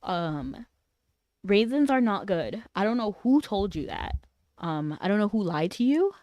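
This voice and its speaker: A woman's voice: medium pitch, very animated, a little slow, dark tone, no echo. A young woman chatting casually on a livestream, playful and teasing as she banters with her chat.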